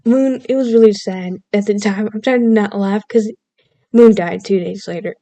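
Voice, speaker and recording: A woman's voice: mid-range voice, normal speed, mellow, dry recording. A woman vlogger casually telling a personal story, chatty and playfully overdramatic, laughing at herself now and then.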